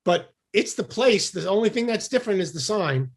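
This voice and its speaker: A man from the United States, a podcast guest, telling a story in casual chat, lively and laughing as he acts out what people said. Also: sits high, moderate pace, breathy edge. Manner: animated storyteller, acts out quotes with shouts and laughs.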